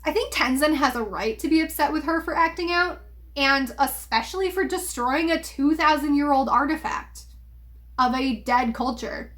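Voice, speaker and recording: A young woman giving an opinionated, emphatic video commentary, pausing often with ums. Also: high voice, fairly bright tone. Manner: critical, emphatic, with frequent ums. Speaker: video essayist.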